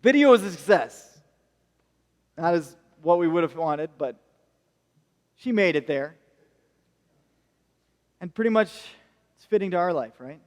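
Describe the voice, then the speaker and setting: A man's voice: high-pitched, expressive, a little slow, long pauses, big-room sound. A male American pastor preaching a sermon, telling stories with jokey asides. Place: church hall.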